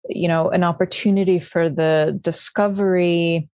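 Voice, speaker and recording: A woman with a lowish, mellow voice, reflecting slowly on mythic images in a casual conversation. She talks in a halting way, restarting her sentences as she gathers her thoughts. The recording is close and dry. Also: steady tone, no room sound. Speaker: astrology podcast co-host.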